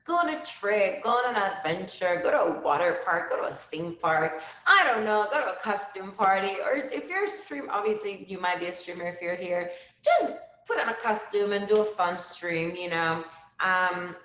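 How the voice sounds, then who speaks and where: A woman's voice: mid-range voice, a bit bright, roomy sound, a little hiss or hum. A woman hosting a casual live-stream talk show, upbeat and chatty with lots of fillers. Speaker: livestream show host.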